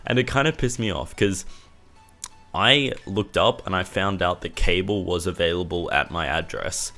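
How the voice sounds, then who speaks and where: A young man with a very low voice, ranting to camera in a casual, exasperated way. He swears now and then. Faint music plays softly behind him. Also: moderate pace. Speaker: vlogger.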